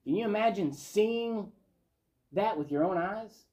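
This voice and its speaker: A man's voice: high-pitched, lively intonation, measured pace, warm tone. A man leading a Bible study, reading passages aloud and commenting on them in a conversational way.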